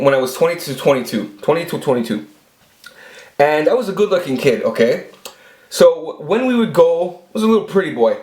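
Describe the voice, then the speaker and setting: A man's voice: medium pitch, a little mellow. A man in his forties telling rambling, profane stories about his past into a camera he set up himself. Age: 40s. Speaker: vlogger. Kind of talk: casual storytelling monologue. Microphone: self-filmed camera. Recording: echoey room.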